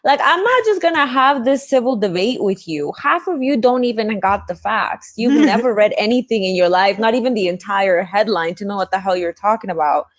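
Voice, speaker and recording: A young adult woman co-hosting a casual livestream, telling stories bluntly and quickly. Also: mid-range voice, expressive, dry recording.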